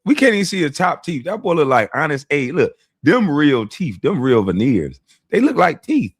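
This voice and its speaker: Man, profane vlog rant, mocking, lively up-and-down pitch, dry close sound. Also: moderate pace, slightly rough, no echo. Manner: animated, mocking, laughs often. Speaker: vlogger and commentator.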